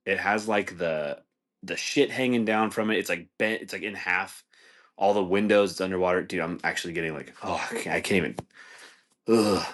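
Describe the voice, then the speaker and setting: A man hosting a podcast, rambling in casual chat with a lot of swearing and restarts. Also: deep voice. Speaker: podcast host.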